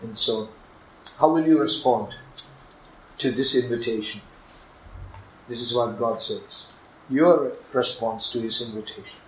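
Man, preacher, sermon, emphatic, slow delivery, echoey room. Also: mid-range voice. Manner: emphatic, swinging from hushed asides to loud exclamations. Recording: echoey room with faint ambient noise.

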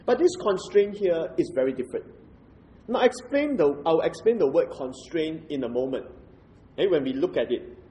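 A man preaching an expository sermon in a measured, explanatory way, posing rhetorical questions to the congregation. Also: a little high, very animated, warm tone, poor audio.

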